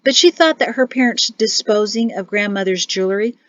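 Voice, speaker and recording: A woman narrating an audiobook with an expressive, even storytelling read. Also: medium pitch, fairly quick, no echo. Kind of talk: scripted narration. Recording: dull, dry recording.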